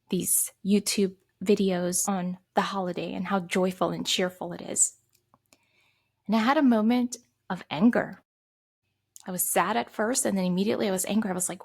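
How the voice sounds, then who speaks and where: A middle-aged woman with a gravelly, slightly husky voice hosts a personal self-care talk. She speaks in a heartfelt, gently advising way, at an ordinary pitch. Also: normal speed. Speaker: podcast host.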